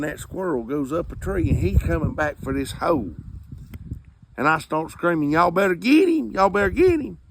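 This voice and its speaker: Gravelly man telling a tale. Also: on the high side, a bit bright, a little hiss or hum. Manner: drawling folksy storytelling, acts out quotes. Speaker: storyteller comedian. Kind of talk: comic storytelling.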